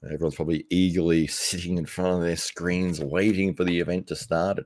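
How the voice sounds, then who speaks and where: A man's voice: low voice, flat delivery, brisk, darkish tone. An Australian man hosting a live commentary stream, rambling casually to viewers with frequent laughs and restarts. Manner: rambling, laughs often, self-correcting. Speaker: livestream commentary host. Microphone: desk microphone, no headphones.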